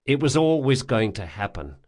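A man's voice: mid-range voice, sing-song, darkish tone. A man doing Locke, a wry, sardonic young thief. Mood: tender wry. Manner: wry, quick-witted retorts. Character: wily young male thief, sardonic and stubborn. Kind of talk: audiobook character voice.

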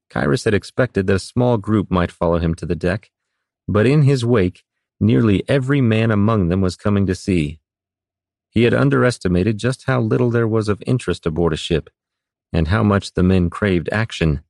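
A man narrating a fantasy audiobook with a very deep voice. His reading is steady and even, and the sound is dry and close, with no room echo. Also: normal speed, gravelly. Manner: steady, even storytelling delivery.

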